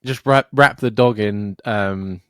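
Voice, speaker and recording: A man's voice: lowish voice, takes it slowly, smooth, no room sound, studio quality. A young man co-hosting a podcast, ranting and joking with plenty of swearing. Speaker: podcast co-host. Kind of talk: casual chat.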